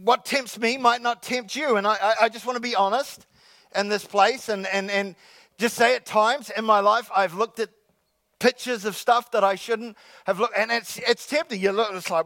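A man preaching a sermon to his congregation, joking with the crowd and slowly repeating his key lines. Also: extremely high pitch, pushed and bright, dry recording. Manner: jokey, repeats key lines slowly, calls out "come on, somebody". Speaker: pastor. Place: church sanctuary with congregation.

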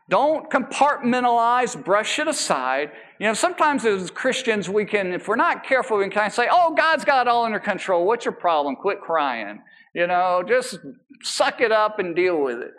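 A man preaches a sermon with a light, high-pitched voice that swoops up and down in lively rises and falls. He stretches key words out slowly for emphasis, then slips into casual, joking asides. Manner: animated, emphatic preaching with drawn-out, slow emphasis; casual asides and self-deprecating humor. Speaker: pastor.

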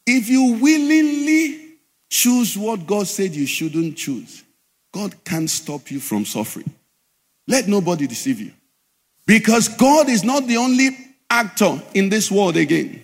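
Man, pastor preaching, quizzing the congregation, high voice, reverberant hall. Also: lively intonation, a little slow. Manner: preaching with call-and-response questions to the congregation. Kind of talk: sermon.

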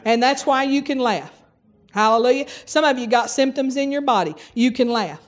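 Woman preacher, middle-aged, high voice, folksy, exhorting, bursts of laughter. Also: normal speed. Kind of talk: sermon.

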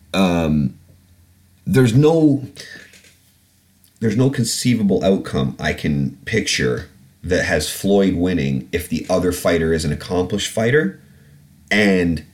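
A man hosting a podcast, ranting bluntly and swearing often, with plenty of ums and restarts. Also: on the low side. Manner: blunt, sweary, animated ranting with frequent fillers. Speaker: podcast host. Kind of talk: casual solo podcast rant.

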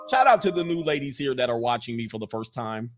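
A man hosting a casual livestream, teasing and boastful in tone, who laughs often as he talks. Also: mid-range voice. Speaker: YouTube livestream host.

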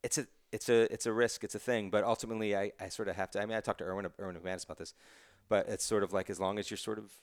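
Smooth low-voiced man, rambling. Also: fairly even intonation, very fast, few pauses, no room sound, clean studio sound. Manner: rambling, self-interrupting, laughs easily. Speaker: TV writer, podcast guest. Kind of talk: casual interview conversation.

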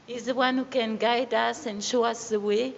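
A woman's voice: fairly high pitch, steady tone, normal speed, vocal fry. An older woman with a French accent telling an earnest faith story to a church congregation. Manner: earnest storytelling, some hesitation. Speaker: preacher's wife giving testimony. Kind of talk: sermon testimony. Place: church hall. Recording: echoey hall, muffled sound, faint background noise.

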